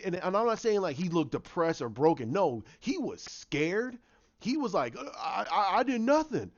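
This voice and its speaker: A man casually breaking down a TV episode as a fan, excitable and acting out the characters' lines. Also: a little high, muffled recording. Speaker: TV show reviewer.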